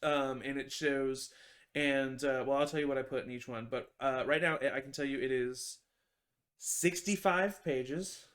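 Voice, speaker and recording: A man's voice: mid-range voice, level tone, normal speed, a bit bright. A man, a tabletop game master, chatting casually on a video call, rambling with many fillers and restarts.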